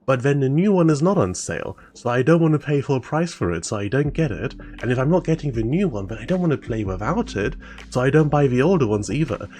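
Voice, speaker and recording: A man's voice: medium pitch, lively intonation, quick pace, darkish tone. Wry chatty male game streamer. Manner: wry, chatty, mildly indignant asides. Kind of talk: casual live-stream chat over gameplay.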